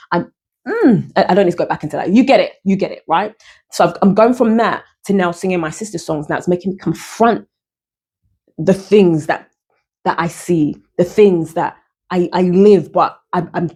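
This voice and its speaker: A woman's voice: fairly low pitch, darkish tone. A woman singer talking through her experiences in a casual, reflective monologue, earnest and searching, often repeating and restarting her phrases. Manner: earnest, spiritual self-talk. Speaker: singer and vlogger.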